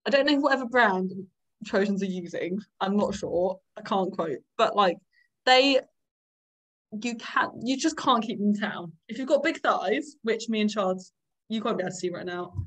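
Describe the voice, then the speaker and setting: Young woman, casual podcast chat, self-deprecating, moderate pitch. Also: expressive, normal speed, fairly bright tone, rough recording. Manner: chatty, self-deprecating, acts out quotes. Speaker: podcast co-host and rugby prop.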